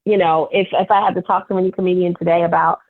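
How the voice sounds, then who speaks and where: A woman comedian calling in as a guest, candidly telling animated stories about her work. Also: fairly low pitch, quick pace. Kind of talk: phone interview storytelling. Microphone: telephone. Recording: tinny phone line.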